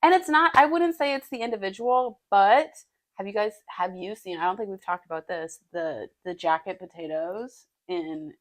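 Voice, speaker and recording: A young woman co-hosting a podcast in casual, animated chat, swearing freely and slipping into silly voices. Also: medium pitch, normal speed. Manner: animated, profane, breaks into mock British voices. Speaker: podcast co-host.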